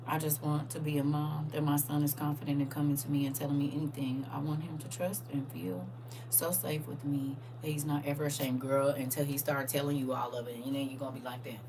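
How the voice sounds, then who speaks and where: A middle-aged woman with a St. chatting casually with viewers on a livestream, telling animated stories and acting out her own reactions. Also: deep voice, fairly quick, far from the mic, noisy background. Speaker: livestream host.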